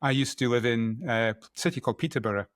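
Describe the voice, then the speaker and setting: Talking fast at medium pitch, the Scottish photographer, middle-aged, is a guest in a relaxed interview chat. He keeps laughing as he corrects himself, and the studio-quality audio has no room sound.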